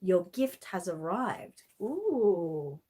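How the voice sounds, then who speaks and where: An Australian woman hosting a live stream, opening a gift box and talking warmly and emotionally to her viewers in casual chat. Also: fairly low pitch, big pitch swings, very slow, breathy edge. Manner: gushing, emotional, talks to viewers. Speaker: channel host unboxing a gift.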